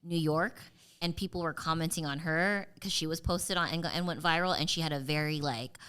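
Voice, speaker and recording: A woman's voice: low-pitched, steady tone, a little fast, bright, forceful tone, clean tone. A woman co-hosting a casual podcast, laid-back, asking the others questions and peppering her talk with "like". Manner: laid-back, asks questions, agrees a lot, heavy use of "like". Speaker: podcast co-host.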